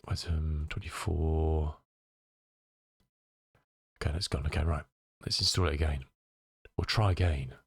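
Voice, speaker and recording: A man's voice: rumbling low, level tone, a little slow, long pauses, husky, no room sound, clean studio sound. A male streamer chatting casually with his viewers, muttering to himself as he tinkers and answering chat messages.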